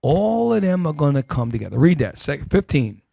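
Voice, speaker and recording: A man leading a Bible teaching sermon, calling out verses and swinging between loud emphatic bursts and low asides. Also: big pitch swings, normal speed, vocal fry, husky, dry recording. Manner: calls out verses and directs helpers.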